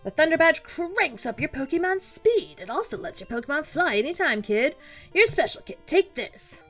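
A woman's voice: sits high, big pitch swings, moderate pace, a bit bright, soft background music, voice pushed up. A woman voicing a brash army veteran gym leader. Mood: boastful. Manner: boastful, taunting.

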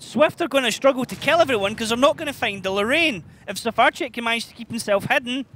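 A man giving quick, excitable live play-by-play as an esports caster. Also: extremely high pitch, slight background noise.

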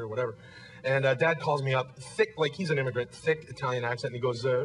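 A man in his thirties, a talk show guest, telling a comic story in a quick, animated, conversational way. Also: mid-range voice. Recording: broadcast studio with audience. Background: studio audience.

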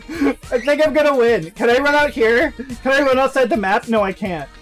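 A woman's voice: high-pitched, normal speed, few pauses, soft background music, rough recording. A woman streamer giving casual gameplay commentary, full of frantic exclamations and cursing. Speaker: game streamer.

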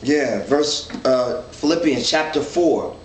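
A man leads a men's Bible study, reading scripture and explaining it earnestly as he thinks aloud and restarts often. His mid-range voice moves slowly, captured by a distant mic in an echoey room with faint ambience and a little hiss or hum.

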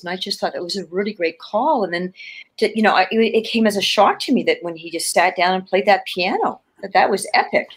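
A woman's voice: medium pitch, fairly quick, slightly rough. Woman, 50s, from Canada, guest actor, chatty storytelling, laughing, restarts, video call. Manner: animated, laughing, many restarts. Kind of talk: casual interview storytelling.

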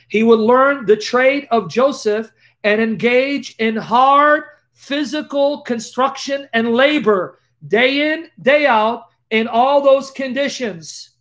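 Male preacher, high-pitched, impassioned, loud then hushed, repeats rhetorical questions. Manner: emphatic, swings from loud declarations to hushed tones. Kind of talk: impassioned live-stream preaching.

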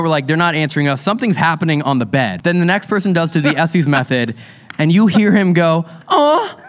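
A man hosting a live paranormal show on stage, telling a story in an animated, excitable way and laughing often. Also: a little high. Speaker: paranormal investigator podcast host.

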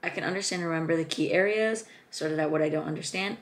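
A young woman, a student vlogger, chatting casually and excitedly, gasping and gushing as she talks. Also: deep voice, fast talker, few pauses. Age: young adult. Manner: excited, gushing, lots of gasps and fillers. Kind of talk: casual chat.

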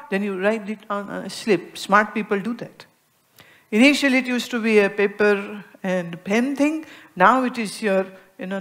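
This Indian-accented woman, a spiritual teacher, addresses an audience at a medium pitch. Her lively explanations swing from quiet murmurs to emphatic peaks, and she frequently plays out little scenes of everyday dialogue.

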